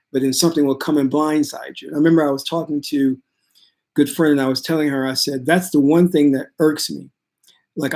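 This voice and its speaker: A man giving a calm, steady spiritual talk to his viewers, reassuring and unhurried. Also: mid-range voice. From United States. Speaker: spiritual teacher.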